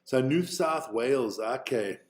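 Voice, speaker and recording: A South African man with an animated mid-range voice speaks a little slowly as he watches rugby on a live stream. He chats casually, thinks aloud and swears freely.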